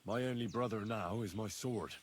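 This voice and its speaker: A man's voice: fairly low pitch, normal speed, slight background noise, close to an everyday voice. A man voicing an earnest, polite young blacksmith's son turned knight in a video game. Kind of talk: game character dialogue.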